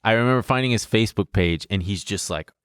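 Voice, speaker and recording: A young man with a low, smooth voice recounts a story in relaxed podcast chat. He rambles and laughs at himself as he goes. The sound is dry and close. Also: fast talker, no room sound. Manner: rambling, self-deprecating, laughs through his story. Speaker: podcast co-host.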